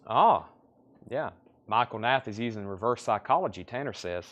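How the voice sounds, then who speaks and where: A fairly low, animated, slightly bright male voice with a Southern US accent, its high frequencies cut off, talks at normal speed. He's livestreaming a record sale from a store, naming album titles and prices and chatting in between.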